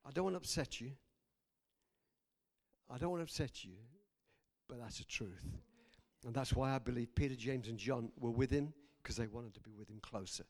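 A man preaching a sermon, animated and laughing between lines, swinging from loud exclamations to hushed, quiet passages. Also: mid-range voice, moderate pace, pauses often.

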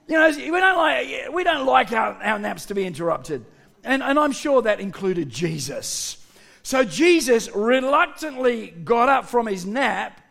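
Middle-aged male pastor, slow animated sermon, gravelly texture, punches lines with shouts. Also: very high voice. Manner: animated, joking, shouted emphasis.

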